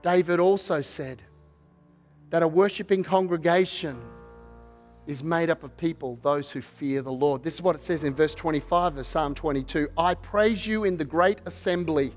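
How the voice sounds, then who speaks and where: Soft music plays in the background as a man preaches as pastor, his voice a little high. He starts out measured, repeating words as he hunts for the right phrasing, and builds toward a fervent appeal at the close.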